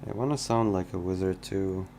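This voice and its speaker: A man's voice: deep voice, moderate pace, mellow, a little hiss or hum. A man casually chatting on a live stream, reading viewer messages aloud and replying in a hesitant, musing way. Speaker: indie game developer streaming his work.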